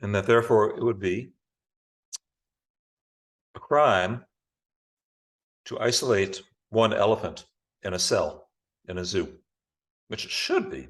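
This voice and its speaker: A man teaching a yoga class over a video call, giving calm, unhurried cues for breathing and poses. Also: on the low side. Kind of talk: guiding a live online yoga class.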